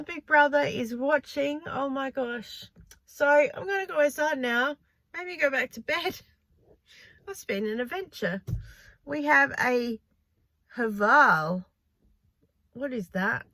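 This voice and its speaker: Bright, chatty woman vlogging. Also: high voice, no room sound. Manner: animated storytelling with frequent laughs. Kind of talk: casual vlog chat. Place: in a car.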